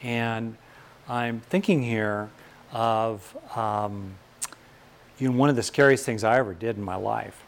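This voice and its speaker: An older American man, a Californian, muses on fear and courage in a thoughtful talk. He pauses a lot and raises his emphasis on important points, his lowish voice keeping a steady tone.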